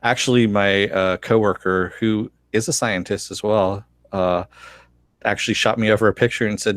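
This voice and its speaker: A man co-hosting a podcast, chatting casually and telling animated stories with frequent laughter. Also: on the low side, moderate pace, dry recording. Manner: animated storyteller, laughs often. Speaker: podcast co-host. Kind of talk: casual chat.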